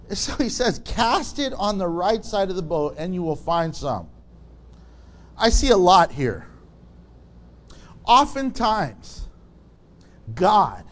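Man preaching, high voice, animated, laughs a lot, acts out voices. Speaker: pastor. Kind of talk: sermon.

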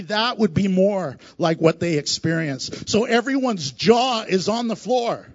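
Pastor guy preaching, high voice, punchy and repetitive, asks the crowd stuff, muffled sound. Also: expressive, measured pace, hardly any pauses. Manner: emphatic and repetitive, asks the congregation questions, laughs at his own jokes. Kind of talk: animated sermon with acted-out scenes. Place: church.

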